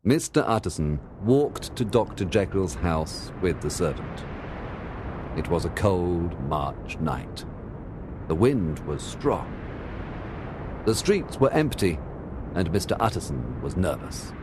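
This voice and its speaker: Deep-voiced man reading a story. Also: very animated, slow pace, noisy background. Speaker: storyteller for English learners. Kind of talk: scripted story narration.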